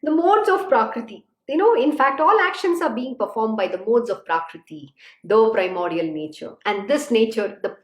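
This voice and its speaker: A woman's voice: on the high side, reverberant, rough recording. A woman giving an informal spiritual discourse on scripture, talking conversationally with frequent restarts and asides. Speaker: spiritual teacher.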